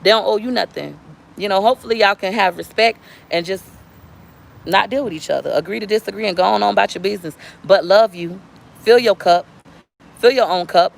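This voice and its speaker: A woman's voice: medium pitch, fairly quick, vocal fry. A woman speaking straight to viewers in a casual, preachy livestream chat. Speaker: livestream vlogger.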